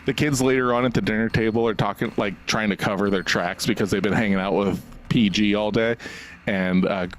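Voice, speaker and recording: A man's voice: on the low side, steady tone, fairly quick. A man co-hosting a podcast about a movie, talking casually, swearing and laughing often as he acts out quoted lines. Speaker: podcast co-host.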